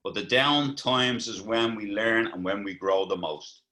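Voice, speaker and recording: A man's voice: lowish voice, a little slow, pushed and bright, rough recording. An Irish man from Ireland calling in to a group video call, talking earnestly and reflectively in a motivational way. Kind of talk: casual chat.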